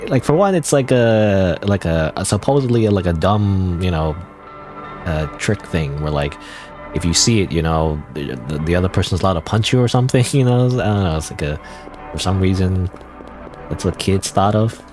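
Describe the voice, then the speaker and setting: Low-voiced man rambling over game music. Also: lively intonation, moderate pace. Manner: rambling, full of "like" and "you know". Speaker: game streamer. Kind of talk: casual let's-play commentary. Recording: game music playing under voice.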